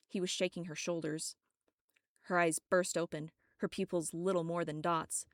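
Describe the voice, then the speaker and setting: A woman reads her own dark story aloud in a steady, dramatic way. Her voice is low and gravelly with vocal fry. The recording is dry and close. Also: normal speed, dry recording. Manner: steady, dramatic first-person reading. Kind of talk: audiobook narration.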